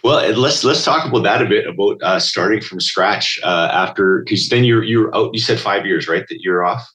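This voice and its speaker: A man's voice: lowish voice, normal speed, fairly bright tone. A man hosting an interview podcast, asking eager, rambling questions full of fillers. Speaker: podcast host. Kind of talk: casual interview talk.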